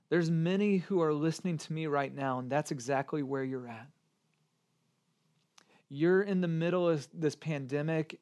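Earnest male pastor preaching. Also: a little high. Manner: moves between gentle near-whispers and urgent pleas. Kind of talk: sermon.

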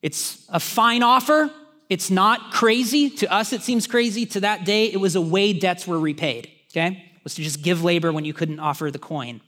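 A man preaching a sermon, casual and animated, speaking straight to his congregation with friendly asides. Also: high-pitched, normal speed. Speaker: pastor.

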